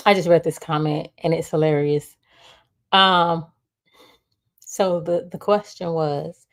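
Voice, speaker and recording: A woman's voice: low voice, fairly even intonation, slow, long pauses. A young woman hosting a livestream, chatting casually with viewers and reading their comments aloud. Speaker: livestream host.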